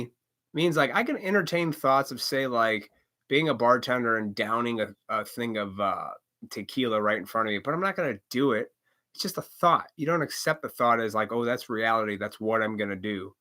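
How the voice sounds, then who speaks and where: Lively, bright-voiced man rambling on a stream. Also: mid-range voice, moderate pace. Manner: loose, profane, chuckles often, acts out quoted voices. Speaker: live stream host. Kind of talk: casual rambling monologue.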